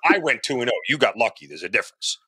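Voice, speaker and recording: A man's voice: mid-range voice, sing-song, fast talker, bright, forceful tone. A man co-hosting a sports betting show, ranting in exasperation and swearing, tagging lines with "okay?".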